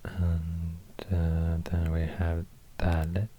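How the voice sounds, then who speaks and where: A man with a Swedish accent rambling quietly in soft-spoken ASMR, half-whispering and pausing often. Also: low-pitched, monotone, lo-fi sound, a little hiss or hum. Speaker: ASMR creator.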